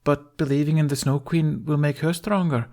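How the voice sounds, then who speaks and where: A man's voice: a little high, fairly even intonation, normal speed, a little mellow, pitched above the performer's own voice, lightly acted. Thoughtful storybook boy, voiced by a male narrator, somewhat raised. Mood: worried. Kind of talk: audiobook reading of fan fiction.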